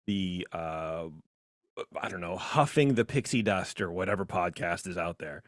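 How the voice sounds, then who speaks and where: A man co-hosting a podcast in casual, opinionated chat, animated and jumping into high mocking voices. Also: measured pace, no echo, clean studio sound. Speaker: podcast co-host.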